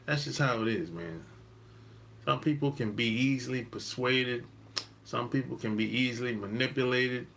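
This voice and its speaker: A man hosting a dating-advice channel, talking in a relaxed, rambling monologue, repeating his points and laughing often. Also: mid-range voice. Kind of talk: casual monologue.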